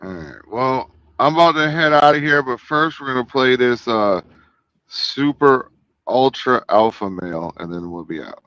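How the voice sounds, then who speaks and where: A man's voice: medium pitch, expressive, normal speed, a bit bright, no room sound, highs cut off. A man hosting a casual stream chat, laid-back and brief in his remarks. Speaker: streamer host.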